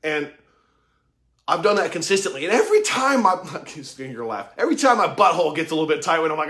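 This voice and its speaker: A man giving a casual monologue about mentorship, profane and excitable, full of slang, acting out conversations he quotes. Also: a little high, fast. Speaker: tattoo artist talking about mentorship.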